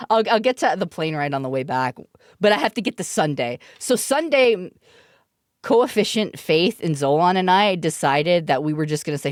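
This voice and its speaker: Giggly, swearing woman streamer, lively pitch. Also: no echo, studio quality. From Canada. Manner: giggly, profane, animated storyteller. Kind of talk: casual storytelling to stream chat.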